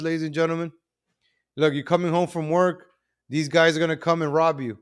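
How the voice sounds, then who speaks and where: Animated New man ranting on stream. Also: on the high side, fairly quick, smooth. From New York. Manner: animated, repetitive, addresses viewers as ladies and gentlemen. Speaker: host of a live political commentary stream. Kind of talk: live stream commentary on crime videos.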